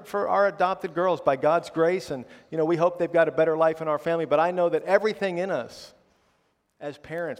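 A middle-aged man preaching a conversational sermon, often tagging a questioning "right?" onto his sentences with self-deprecating humor. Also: on the high side. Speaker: pastor. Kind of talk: conversational sermon with personal stories. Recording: long reverb of a large hall.

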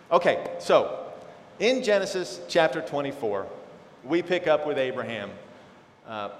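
A man teaching from the Bible to a congregation in a relaxed, conversational way, with self-deprecating asides between readings. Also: on the high side, slight background noise. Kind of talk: sermon with scripture reading. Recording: echoey hall, faint ambience.

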